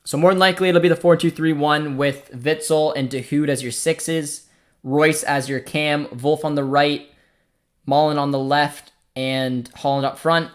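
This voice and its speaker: Young man, Canadian accent, live football watchalong host, casual chatty commentary, reads out chat, slightly higher voice. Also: fairly even intonation, moderate pace. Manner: chatty, reads out chat messages, reacts to the match.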